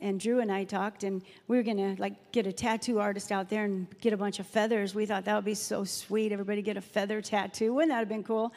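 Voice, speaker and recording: A woman's voice: medium pitch, a little mellow. A middle-aged woman, preaching a chatty sermon full of personal stories and Bible readings. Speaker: guest speaker at a church Mother's Day service. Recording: reverberant hall sound.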